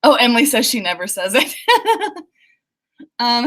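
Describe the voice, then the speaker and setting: A woman's voice: fairly high pitch, huge pitch swings, a little slow, long pauses. A young woman with an Oklahoma accent, hosting a writing livestream and chatting through viewer comments in a bubbly, chatty way. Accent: Oklahoma, Southern US. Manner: bubbly, chatty, lots of fillers and laughs. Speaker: livestream host. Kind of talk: casual livestream chat reading comments.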